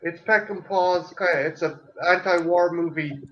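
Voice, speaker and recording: A man's voice: sits high, steady tone, normal speed, dull audio, a little hiss or hum. A man from Ireland with an Irish accent in casual chat as co-host, swearing freely and stumbling over restarts. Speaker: podcast co-host.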